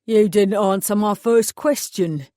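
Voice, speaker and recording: A woman voicing a burly, tattooed older male mechanic with an East End London accent, gruff, slow and hostile in an audiobook. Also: high-pitched, mellow, dry recording, studio quality. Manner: gruff, slow, menacing, swears.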